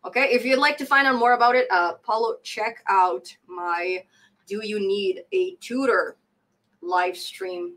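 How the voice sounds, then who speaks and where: A woman's voice: medium pitch, a little slow, a bit bright, rough recording. A woman in her thirties hosting a casual coding live stream, reading chat comments aloud, laughing often and repeating phrases for emphasis.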